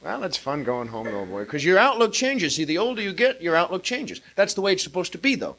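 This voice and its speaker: A man in his thirties performing a live stand-up routine, with an animated, exaggerated delivery and acted-out quotes. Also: high voice, brisk. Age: 30s. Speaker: stand-up comedian. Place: comedy club stage with audience. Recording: hissy early-1980s live club recording.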